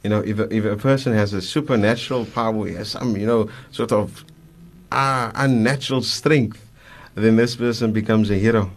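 A man in a radio studio, a guest scholar with a South African accent, telling religious stories in an animated way, acting out the quotes, with many fillers. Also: fairly low pitch, moderate pace, a little hiss or hum. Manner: animated storyteller, acts out quotes, frequent fillers. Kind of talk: radio religious talk, storytelling.

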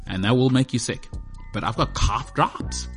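In a heated room indoors, a man does a casual solo monologue on his own podcast, rambling and joking at his own expense. He speaks at medium pitch and a moderate pace while soft music plays in the background.

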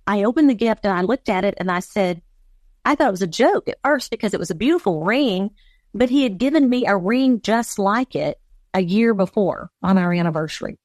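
A woman's voice: medium pitch, lively intonation, fairly quick, darkish tone, dry recording. A woman in an interview, speaking candidly about her husband and laughing now and then while telling hard memories. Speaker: interviewee, wife of a former football player. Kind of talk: personal interview.

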